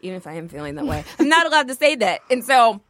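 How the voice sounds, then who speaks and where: A woman's voice: fairly high pitch, big pitch swings, fast, fairly bright tone, no room sound. A woman in casual chat, giving frank advice.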